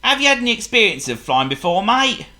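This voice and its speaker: Storyteller doing a matey airfield salesman, higher bright voice, storybook. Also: very animated, quick pace. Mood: chummy. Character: chummy airfield man selling a plane.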